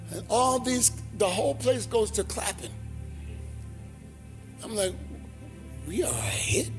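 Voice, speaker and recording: A male pastor preaching a sermon, telling lively stories and acting out voices. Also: high-pitched. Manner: animated, acts out voices in his stories. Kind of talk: sermon storytelling.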